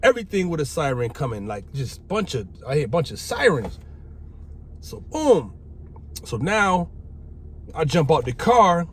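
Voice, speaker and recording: A middle-aged man casually telling a personal story, animated and profane. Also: fairly high pitch, a little slow, long pauses. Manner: animated, profane, acts out quoted voices. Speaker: vlogger telling his life story. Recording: faint background noise.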